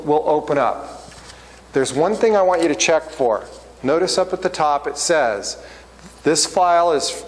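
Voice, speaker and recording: A man's voice: a little high, in a large hall, poor audio. A man teaching a class, walking students through steps in a casual classroom manner and often checking in with "okay?". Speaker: accounting instructor. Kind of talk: classroom walkthrough.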